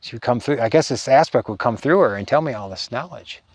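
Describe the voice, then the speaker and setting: A man's voice: medium pitch, animated, no room sound. Middle-aged man telling a meandering spiritual story. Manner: meandering, halting, full of restarts.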